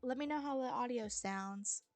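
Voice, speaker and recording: A woman streaming a casual reading session, keeping her voice quiet and chill on purpose. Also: on the high side, moderate pace, no echo, faint music behind. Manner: quiet and chill, soft-spoken.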